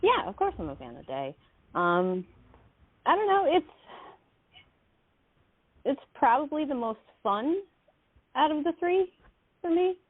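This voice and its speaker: A woman's voice: sits high, sing-song, measured pace, pauses often, no echo. A woman co-hosting a casual podcast, speaking hesitantly with fillers and light laughs. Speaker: podcast co-host. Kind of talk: casual chat. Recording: dry tinny phone-like line.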